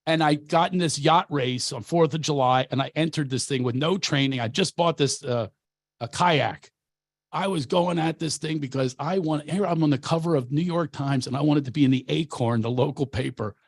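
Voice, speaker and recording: A man's voice: fairly high pitch, moderate pace, no room sound, clean studio sound. A comedian and coach from Philadelphia, a man telling brash, self-mocking stories in casual chat.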